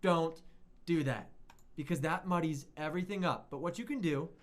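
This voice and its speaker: At a moderate pace and a fairly high pitch, a man walks through music production in a loose, rambling lesson. He keeps it chatty and casual, catching and correcting himself often.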